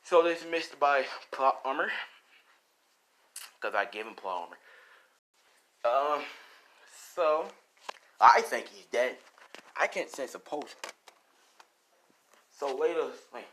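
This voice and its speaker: A man improvising a fan-fiction action story, animated and profane, full of sound effects. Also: mid-range voice, slow pace, long pauses, a little hiss or hum.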